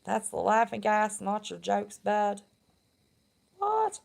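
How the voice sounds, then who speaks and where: A middle-aged woman hosts a casual live stream, talking slowly with a gravelly edge. Her pitch swings widely as she chats bluntly and breaks into laughter. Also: big pitch swings. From West Virginia. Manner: chatty, laughs often, blunt.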